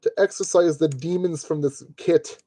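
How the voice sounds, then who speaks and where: A man with a mellow, darker tone keeps up a running commentary while he streams a model kit build. He grumbles at fiddly parts and jokes to himself as he works, in the loose way of a live stream. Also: on the high side, normal speed, no echo. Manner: grumbling, joking self-talk while working.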